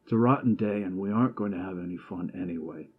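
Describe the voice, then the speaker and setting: A man's voice: low voice, fast, slightly rough, narrow, tinny audio. A man reading an anxious young husband. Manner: anxious, complaining. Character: nervous young husband, irritable.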